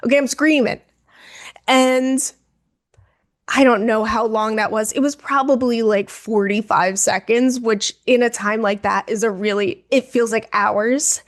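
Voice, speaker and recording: A young woman co-hosting a podcast, telling a story in a casual, animated, dramatic way and calling the listener "girl". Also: a little high, measured pace. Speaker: podcast co-host.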